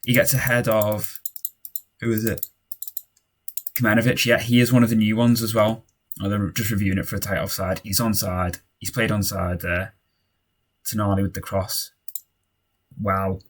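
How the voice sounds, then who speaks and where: A young man casually commentating on his own football management game, cheering and shouting at goals and muttering in tense moments. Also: lowish voice, little pitch movement, moderate pace, pauses often.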